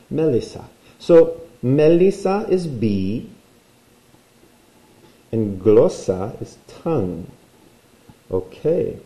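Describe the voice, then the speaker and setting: A man's voice: medium pitch, sing-song, drawn-out words, pauses often, warm tone, roomy sound, low-quality recording. A man teaching a recorded language lesson, playful and explaining while he draws.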